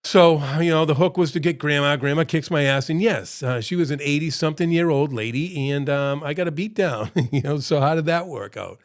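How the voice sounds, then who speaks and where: A man's voice: a little high, fairly quick, few pauses. A middle-aged man, a restaurant owner, casually telling a rambling, self-deprecating story and laughing often as he acts out both sides.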